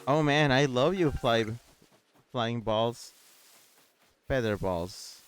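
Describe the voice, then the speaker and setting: Man streaming a game, playful and goofy; smooth mid voice, faint music behind. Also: mid-range voice, expressive, slow. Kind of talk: casual gameplay commentary.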